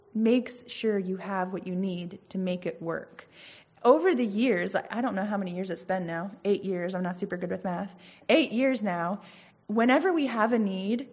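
A woman with a medium-pitched, somewhat dark voice gives an earnest Christian teaching over a lo-fi recording. Her tone is conversational, she reads scripture aloud, and she drops casual asides between points.

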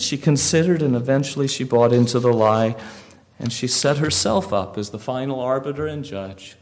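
A pastor preaching a sermon, telling a story emphatically with rhetorical questions. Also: male voice, medium pitch, a little mellow.

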